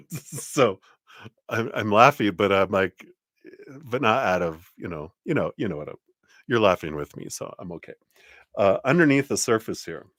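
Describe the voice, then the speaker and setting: A man's voice: fairly low pitch, lively intonation, unhurried, a bit bright, dry recording, clean studio sound. A man giving a live-streamed tarot reading in a chatty way, laughing often and using many fillers. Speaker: tarot reader.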